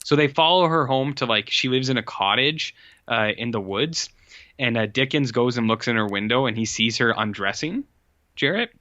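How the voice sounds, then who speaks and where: A man's voice: medium pitch, moderate pace, sharp tone, no room sound, lo-fi sound. A man co-hosting a podcast, casually recapping a film in a rambling way, full of likes and uhs. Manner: rambling, filler-heavy storytelling. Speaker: podcast co-host. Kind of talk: casual movie recap chat.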